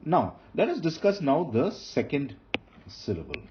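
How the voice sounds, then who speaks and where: A man's voice: fairly high pitch, wildly swooping pitch, a little slow. A man teaching Hebrew grammar as he writes on a board, patiently repeating key terms and restarting phrases. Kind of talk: explanatory lecture while writing on a board. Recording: dull lo-fi sound with faint noise.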